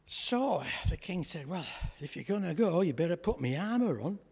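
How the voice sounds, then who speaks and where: A man playing a boastful, comic young shepherd lad, chatting and joking with a church congregation in a raspy voice. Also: fairly high pitch, big pitch swings, normal speed, darkish tone, full character voice. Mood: cheeky. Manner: chatty, jokey, asides to the congregation. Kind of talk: comic storytelling sketch in church. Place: church hall. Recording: echoey church hall.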